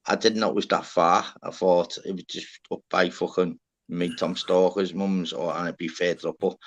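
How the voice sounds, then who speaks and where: A man's voice: low-pitched, fairly even intonation, normal speed, slight background noise. A man hosting a casual livestream chat, rambling and swearing, full of restarts and fillers. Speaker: livestream host.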